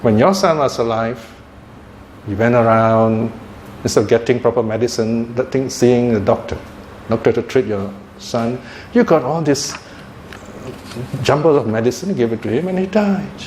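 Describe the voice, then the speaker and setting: A man's voice: medium pitch, normal speed, darkish tone, echoey room, slight background noise, close to an everyday voice. A man voicing a young heavenly being, a dead son who scolds his father with pointed questions. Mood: scolding.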